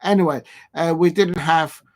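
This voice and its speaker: A man's voice: on the high side, steady tone, moderate pace. A man hosting a live fan stream, talking in mocking banter and breaking into chants and jeering noises. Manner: mocking, banter-heavy, chants and sings snippets. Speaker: fan channel host.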